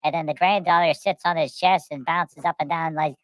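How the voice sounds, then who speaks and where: A woman's voice: sits low, steady tone, brisk, no room sound, poor audio. A woman telling long comic stories in casual chat, repeating words, restarting, and acting out the people in them. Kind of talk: rambling comic storytelling.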